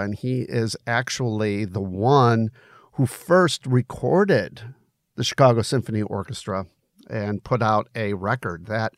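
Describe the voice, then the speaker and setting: Slow, relaxed male storyteller. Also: mid-range voice, no room sound, studio quality. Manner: relaxed, hesitant, many fillers in commentary. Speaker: author reading his own novel. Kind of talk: audiobook narration then casual commentary.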